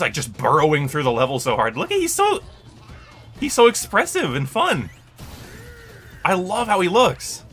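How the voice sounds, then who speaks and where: A man streaming a live reaction, excitable and emotional, swinging from muttered guesses to shrieking and crying with joy. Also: fairly high pitch.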